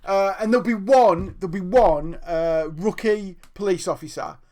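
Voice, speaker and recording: A man and podcast co-host, telling a story in an animated, laughing way during a casual live chat. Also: high-pitched, normal speed. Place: home room, streamed live.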